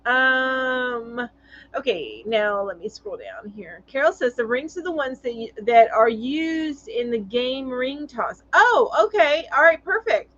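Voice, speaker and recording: A woman's voice: sits high, lively intonation, slow pace, a bit bright, no echo, lo-fi sound. A woman hosting a casual live-stream chat, reading viewer comments aloud in a chatty way with lots of fillers.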